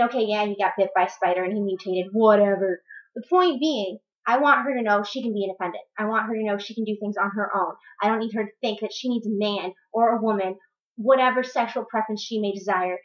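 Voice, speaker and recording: A woman's voice: a little high, a bit bright. A young woman in her twenties ranting bluntly in a vlog monologue, swearing and repeating words for emphasis, at home with her child nearby. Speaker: vlogger. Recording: muffled echoey room recording.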